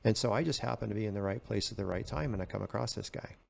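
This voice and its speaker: A man's voice: lowish voice, very fast, gravelly. An older retired man telling stories in a casual way and acting out both sides of the dialogue. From California. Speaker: retired game warden, podcast guest. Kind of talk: casual storytelling.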